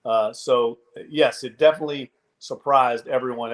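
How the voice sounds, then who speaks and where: Male podcast co-host, casual sports chat, analytical, measured delivery. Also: medium pitch. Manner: measured, analytical, frequent restarts.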